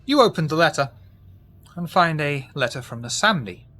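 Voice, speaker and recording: A man acting as game master, reading long letters aloud in a lowered, measured voice. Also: sing-song, pushed and bright.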